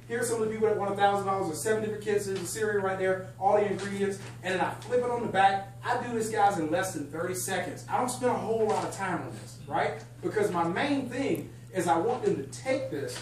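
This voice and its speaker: A man giving a lively, excitable sales training talk to a live group, chatting and joking with the room. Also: high-pitched. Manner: energetic, excitable, chatty, jokes with the audience. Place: function room at a country club event. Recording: echoey room, distant mic, faint hum.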